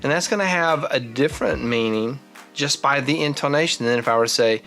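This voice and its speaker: A man's voice: mid-range voice, fairly quick, fairly bright tone, soft background music. A man in his forties hosting his own vlog, talking casually and thinking aloud with frequent restarts. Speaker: vlog host. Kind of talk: casual talking-head monologue.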